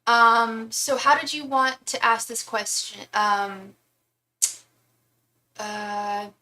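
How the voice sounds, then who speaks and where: A woman's voice: a little high, level tone, drawn-out words, bright, forceful tone, slight background noise. A woman running a live tarot reading stream in casual chat, calling her viewers love and darling.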